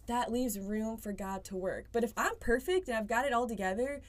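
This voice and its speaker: A woman's voice: on the high side, brisk. Earnest young woman talking faith. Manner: earnest, lots of "like" fillers. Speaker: podcast guest. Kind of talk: casual faith conversation.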